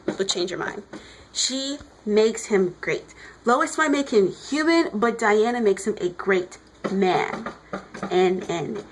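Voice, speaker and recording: A woman reviews a comic in a casual, excited way, restarting her sentences as she gushes. Her voice sits a bit high. A faint hiss runs under the recording. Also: rough recording. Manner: excitable, gushing, restarts often. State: standing while filming.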